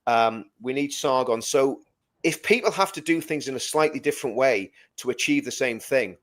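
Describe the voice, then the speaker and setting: A man's voice: medium pitch, animated, normal speed. A man co-hosting a live stream, talking emphatically and repeating words as he builds his point. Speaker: co-host. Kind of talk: casual live-stream chat.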